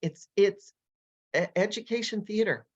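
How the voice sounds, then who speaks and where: Animated woman coach on a lo-fi call. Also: mid-range voice, a little slow, husky. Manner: animated, energetic storyteller who acts out voices. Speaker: language coach and educator. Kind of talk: casual interview talk, telling stories.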